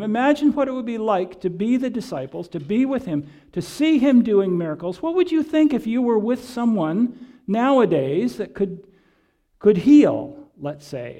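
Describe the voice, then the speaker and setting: Mellow-voiced male preacher, conversational. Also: sits high. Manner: conversational, with many pauses and fillers; reads and re-reads scripture quotations. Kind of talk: sermon with scripture reading.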